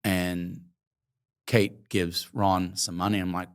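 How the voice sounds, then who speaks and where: Deep-voiced reflective man in his fifties. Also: level tone, takes it slowly, smooth. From Oregon, USA. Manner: reflective and emotional, many hesitant ums. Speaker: guest, coffee company founder. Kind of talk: interview, personal storytelling.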